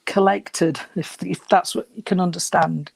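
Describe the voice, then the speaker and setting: A man giving a reading at a service, gentle and reassuring, and short of breath. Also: high-pitched, steady tone, unhurried, creaky, a little hiss or hum. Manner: gentle, reassuring, calls people sweetheart. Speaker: spiritualist medium.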